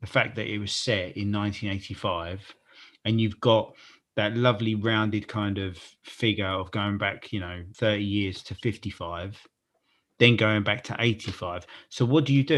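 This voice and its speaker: An English man from Kent, co-hosting a podcast and telling stories in an animated, casual way with some swearing. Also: lowish voice, moderate pace. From Gravesend, Kent, England. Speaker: podcast co-host. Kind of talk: casual chat.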